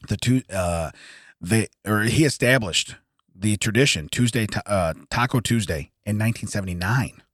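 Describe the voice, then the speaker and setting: Husky-voiced man reading news, laughing. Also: fairly low pitch, fairly bright tone, dry recording, clean studio sound. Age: 40s. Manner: laughs often, reads haltingly. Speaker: podcast co-host. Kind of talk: casual chat, reading news aloud. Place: podcast studio.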